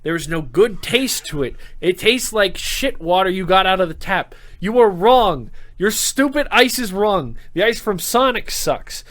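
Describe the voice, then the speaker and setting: A young man co-hosting a podcast in casual chat, loud, profane and ranting. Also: high-pitched, expressive, measured pace, few pauses. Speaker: podcast co-host.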